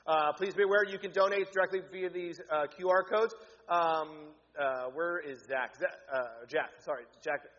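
A pastor giving church announcements, upbeat and joking with the congregation. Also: male voice, fairly high pitch, moderate pace, a bit bright. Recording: echoey hall, dull lo-fi sound.

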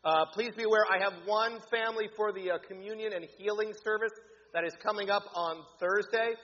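A man's voice: high-pitched, steady tone, a little fast, fairly bright tone. Upbeat joking man in an echoey hall. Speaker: pastor. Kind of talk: church announcements. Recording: echoey hall, dull lo-fi sound.

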